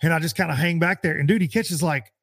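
A man chatting on a podcast, telling a fishing story with lively acted-out quotes. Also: fast, no echo, studio quality. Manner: animated storyteller, acts out quotes in a high voice. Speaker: pro bass angler. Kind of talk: casual podcast chat.

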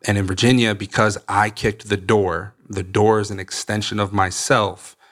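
A man's voice: on the low side, level tone, moderate pace, fairly bright tone. A young man, a podcast guest, candidly telling his recovery story in a blunt, swearing way and acting out the people he quotes.

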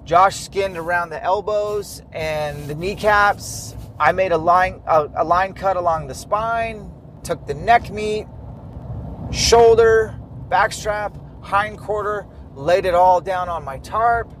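The hunter speaks slowly in a high voice, lively as he recounts his trip and performs the lines people said. It's relaxed storytelling, with a little background noise audible.

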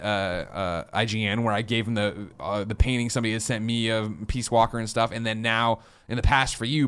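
Man, thirties, podcast co-host, quick-talking, excitable, swears a lot, rambles. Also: mid-range voice. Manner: fast, excitable storytelling with frequent swearing and restarts. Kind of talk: casual chat.

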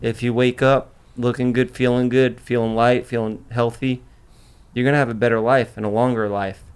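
A man's voice: medium pitch, level tone, normal speed, clean tone. A man hosting a podcast in casual chat, brash and boastful, swearing freely as he talks. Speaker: podcast host.

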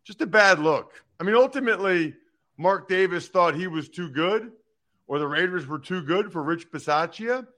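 A man hosting a sports talk show, giving emphatic, animated opinions on football news and teasing his co-host. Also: sits high, moderate pace.

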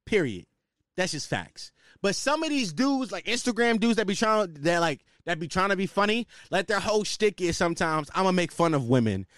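A man's voice: high-pitched, big pitch swings, moderate pace, fairly bright tone, no echo, studio quality. A man hosting his own podcast, ranting in a loose, slangy, casual way. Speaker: podcast host. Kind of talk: casual solo podcast rant.

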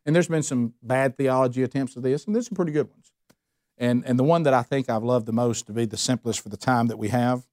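A man's voice: fast talker, darkish tone, dry recording, clean studio sound. A man preaching at a men's Bible study, fervent and conversational, his voice jumping up at times. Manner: fervent, conversational preaching with sudden pitch jumps. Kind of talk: sermon-style Bible teaching.

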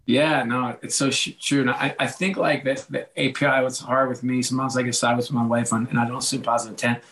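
A middle-aged man talking as a guest in a casual interview, telling animated stories and acting out quoted lines with a laugh. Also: mid-range voice, fast. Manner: animated storyteller, acts out quoted dialogue with a laugh. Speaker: podcast guest, author and former sports executive.

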